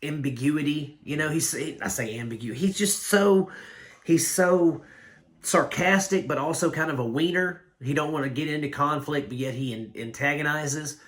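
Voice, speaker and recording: A man giving a casual spoken film review, blunt and rambling, with animated complaints. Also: on the high side, normal speed. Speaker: movie reviewer.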